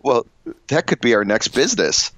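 A man's voice: mid-range voice, very animated, moderate pace, fairly bright tone, slight background noise. A man co-hosting a podcast, casual comedic banter, rambling and self-interrupting with frequent laughs. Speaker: podcast co-host. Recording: dull lo-fi dry recording.

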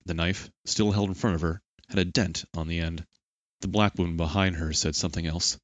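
A man reading an action novel aloud in steady, measured audiobook narration. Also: low voice, dry recording.

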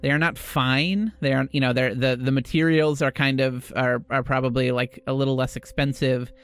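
A man's voice: mid-range voice, steady tone, moderate pace, a bit bright, smooth, faint music behind. A man narrating a tabletop game as game master, in a loose style full of fillers. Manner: casual, filler-heavy narration.

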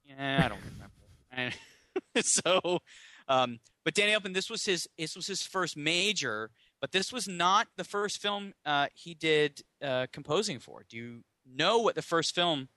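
A man's voice: on the high side, expressive, measured pace, pushed and bright, no room sound. A man co-hosting a podcast, rambling through film trivia, laughing easily and getting flustered. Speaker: podcast co-host. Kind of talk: casual podcast banter.

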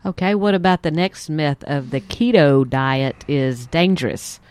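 A woman's voice: low voice, measured pace, a little mellow, clean tone, no echo. Woman asking questions on a health podcast. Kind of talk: casual health chat.

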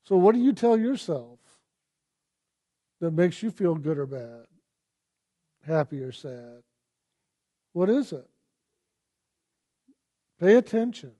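A man giving a reflective spiritual talk, telling personal stories and asking gentle, searching questions. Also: high-pitched, sing-song, takes it slowly, pauses often. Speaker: spiritual teacher.

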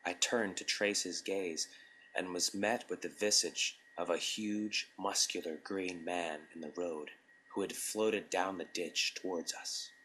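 A man narrating a scripted story in a measured, deliberate storytelling manner. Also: sits low, fairly even intonation, bright, forceful tone, slight background noise, poor audio.

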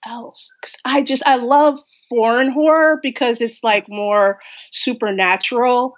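A woman's voice: a little high, steady tone, measured pace, muffled recording. A woman horror writer speaking from home in an effusive, rambling, casual interview chat.

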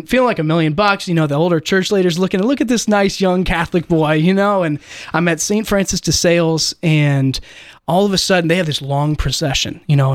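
A man's voice: on the high side, no echo, clean studio sound. Earnest young man telling his story. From United States. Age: 20s. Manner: earnest storytelling with frequent "uh" fillers. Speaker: guest. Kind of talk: personal faith testimony in casual conversation.

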